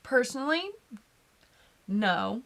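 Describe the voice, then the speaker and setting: A woman's voice: on the high side, lively intonation, slow pace, a bit bright. A woman co-hosting a live whiskey tasting, chatting casually and laughing often. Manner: chatty, talks over her co-host, laughs often. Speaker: co-host of a whiskey tasting livestream. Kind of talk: casual chat.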